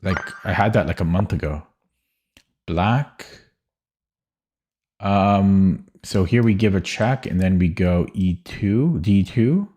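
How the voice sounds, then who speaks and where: A man's voice: deep voice, animated, takes it slowly, long pauses, mellow, slightly rough. A young man streaming chess, thinking aloud in a hesitant, muttering way with frequent self-corrections. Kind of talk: thinking aloud while solving puzzles.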